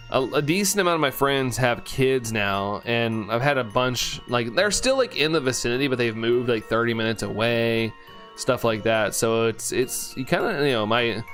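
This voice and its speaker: A man's voice: medium pitch, animated, moderate pace, fairly bright tone. A man in his thirties chatting casually while live-streaming a game, rambling and joking with viewers over faint game music. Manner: chatty and rambling, playful jokes and laughter.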